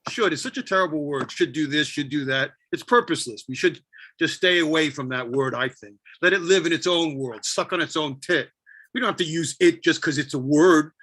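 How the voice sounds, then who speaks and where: A man's voice: on the high side, brisk, fairly bright tone. A man giving a spoken-word poetry performance, brooding and self-questioning with a wry edge. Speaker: poet.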